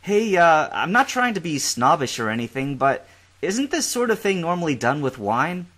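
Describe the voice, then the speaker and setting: A man's voice: a little high, sing-song, moderate pace, fairly bright tone, pitched above the performer's own voice. A man voicing a casual, wry teenage boy trainer with slangy talk.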